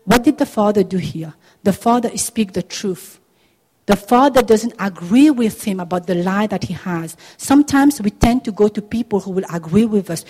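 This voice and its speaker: A woman preaching a sermon, getting animated and loud with emphatic exclamations and acting out the people in her stories. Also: medium pitch, moderate pace, breathy edge. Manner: acts out quoted voices in her preaching. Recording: long hall reverb.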